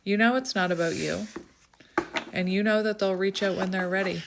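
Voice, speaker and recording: A woman doing a casual tarot reading to camera, chatty and thinking aloud as she draws cards, with frequent laughs and bursts of excitement. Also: mid-range voice, normal speed, heavy background noise. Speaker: tarot reader.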